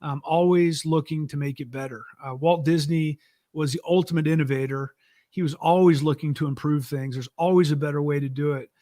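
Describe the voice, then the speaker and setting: Middle-aged man, interview guest, relaxed and chatty, fairly high voice, dry close recording. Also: fairly quick, dry recording. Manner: relaxed and conversational, with frequent fillers. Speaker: author and former theme park executive. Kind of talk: casual interview talk.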